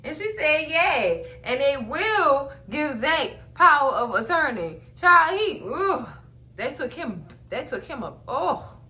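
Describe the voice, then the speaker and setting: A woman's voice: high-pitched, very animated, takes it slowly, bright, forceful tone. A woman hosting a casual TV episode recap, telling the story animatedly and acting out the characters' lines. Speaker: recap host.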